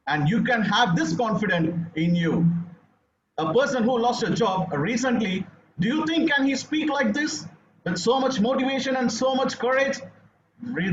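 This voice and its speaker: A man with an Indian English accent giving an earnest, rousing testimonial on a video call, halting with fillers. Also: very high-pitched, slight background noise. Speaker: speaker on a launch call. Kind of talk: motivational testimonial. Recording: echoey, dull video call audio.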